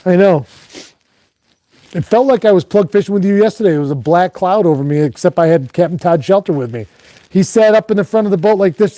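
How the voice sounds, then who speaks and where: A man's voice: sits high, warm tone, no room sound. A man, a fishing guide and host, chatting casually while he reads viewer comments, rambling along with many "um"s and restarts. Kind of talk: casual live chat reading viewer comments.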